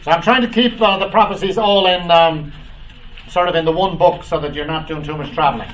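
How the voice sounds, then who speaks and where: A man preaching a Bible study, reading scripture aloud and commenting, with frequent "uh" and "um" pauses. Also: a little high, fairly bright tone, recorded from a distance, rough recording. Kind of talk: bible teaching.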